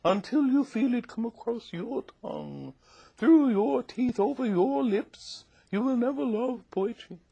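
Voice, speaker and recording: A gracious older Southern lady , put on by a woman, drawing out every grand, plummy vowel. She floats her words up high and lets them swoop. Her pace stays slow and stately. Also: expressive, gravelly, dark tone, breathy edge, dull audio, heavily acted. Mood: insistent. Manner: grand, plummy, drawn-out delivery.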